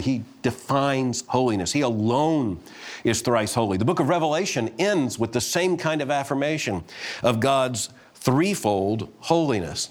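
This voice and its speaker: Middle-aged preacher, earnest, scripture reading and teaching, mid pitch. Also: male voice, expressive, normal speed. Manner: reads scripture aloud, then explains it in an earnest teaching tone. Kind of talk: sermon.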